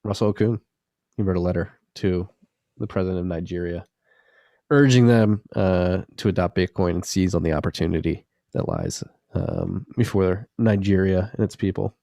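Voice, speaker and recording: Deep, gravelly male podcast co-host. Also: normal speed, dark tone, no room sound, studio quality. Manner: loose, rambling and profane. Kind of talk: casual podcast chat.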